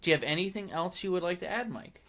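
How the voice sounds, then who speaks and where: A man with a bright, forceful voice pitched a little high hosts a casual podcast chat. He rambles along, trails off and starts his thoughts over. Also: expressive, fast. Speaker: podcast host.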